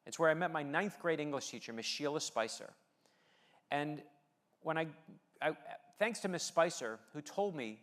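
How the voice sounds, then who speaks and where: A man's voice: on the high side, expressive, normal speed, fairly bright tone. A middle-aged man from the United States delivering a motivational speech, telling personal stories with light humor and rallying the audience. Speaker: keynote speaker and novelist.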